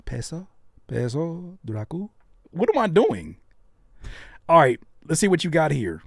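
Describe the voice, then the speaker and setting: A man hosting a live stream where he reacts to beats, talking in a loose, playful way with teasing jokes and quick asides. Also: fairly high pitch, wildly swooping pitch, creaky, fairly bright tone, slight background noise. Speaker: host reacting to viewer beats.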